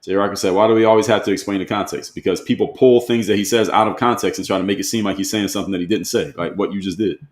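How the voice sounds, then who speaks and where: A man's voice: lowish voice, fairly even intonation, rapid-fire, hardly any pauses. A man hosting a live stream, reading viewer comments aloud and answering them in a conversational way, often repeating rhetorical questions. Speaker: host. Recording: roomy echo.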